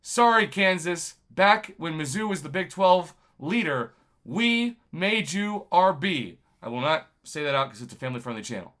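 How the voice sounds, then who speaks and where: A man, a YouTube journalist, talking to camera in a rambling, impassioned monologue full of shout-outs. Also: fairly high pitch, very animated, moderate pace. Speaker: YouTube video game journalist.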